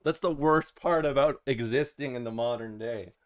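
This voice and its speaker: A man's voice: medium pitch, moderate pace. A young man, a streamer chatting casually to his viewers in a rambling, jokey way. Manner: rambling, jokey, talks to chat.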